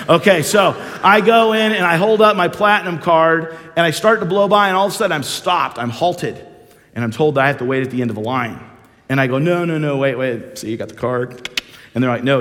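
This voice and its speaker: A man preaching a sermon as a minister, telling a story with lively swings and hushed solemn moments. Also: medium pitch. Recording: long reverb of a large hall.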